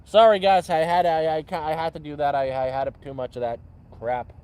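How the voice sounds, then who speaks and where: Man, livestream host, rambling casual chat, slightly high-pitched, loud bursts then low mutters. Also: fairly even intonation, normal speed, clear, resonant tone. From Canada. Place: outdoors by a campfire.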